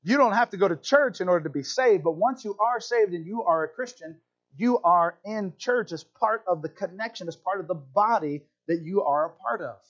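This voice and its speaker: A man with a Southern country accent, preaching a sermon to his congregation, talking to them directly with animated asides. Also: high voice, moderate pace, lo-fi sound. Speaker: pastor.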